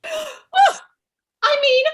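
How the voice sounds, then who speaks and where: A woman's voice: extremely high pitch, extremely slow, a bit bright, exaggerated voice. A woman playing a young bride on stage, sobbing and melodramatic. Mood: weeping. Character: weepy flustered young bride. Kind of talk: stage comic opera acting.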